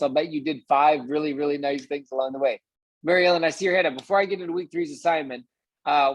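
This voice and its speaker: A man's voice: on the high side, no echo. A man hosting a group coaching call over video, upbeat and encouraging as he speaks directly to the group.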